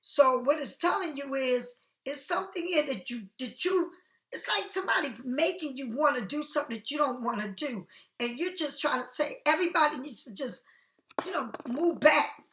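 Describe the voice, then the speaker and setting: A woman's voice: high voice, animated, normal speed, fairly bright tone, echoey room. A woman doing a casual tarot reading for viewers, chatty and frank, swearing freely and calling the listener honey. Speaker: tarot card reader.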